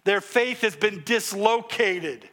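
Older man, pastor, lively joking sermon, very high voice, unhurried delivery. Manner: animated and joking, with call-and-response to the congregation.

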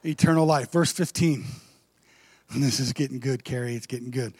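A man's voice: mid-range voice, normal speed, a little mellow, slightly rough, dry recording. A man, a pastor, preaching a casual, conversational sermon and throwing rhetorical questions at the congregation.

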